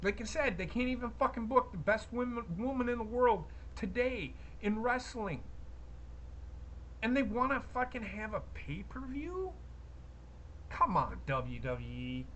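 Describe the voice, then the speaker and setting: A woman's voice: fairly high pitch, expressive, unhurried, a little hiss or hum. A woman co-hosting a wrestling podcast, ranting and swearing heavily in casual chat. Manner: profane, ranting, heated. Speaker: podcast co-host.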